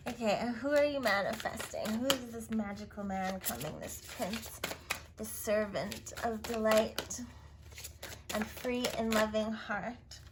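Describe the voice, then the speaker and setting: A woman giving a spiritual tarot reading in an effusive, affirming way, often dropping into soft whispers. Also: on the high side, unhurried. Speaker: tarot reader. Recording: steady hiss and clicks.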